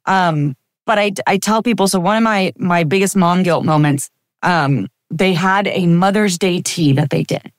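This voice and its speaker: A woman's voice: lowish voice, moderate pace, no room sound. A woman in her fifties, a chiropractor guest on a podcast, telling personal stories in a reflective, anecdotal way with frequent fillers. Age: 50s. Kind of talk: casual interview storytelling.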